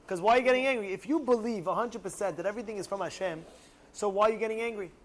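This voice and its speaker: A young man with a high-pitched voice teaches a religious lesson to a class. He tells stories in an animated way and keeps asking his listeners rhetorical questions. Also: rapid-fire. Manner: animated storyteller who acts out angry outbursts.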